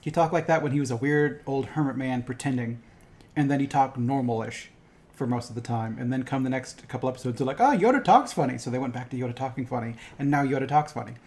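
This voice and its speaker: A man co-hosting a podcast in casual chat, opinionated and animated, swearing offhandedly. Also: medium pitch, quick pace. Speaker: podcast co-host.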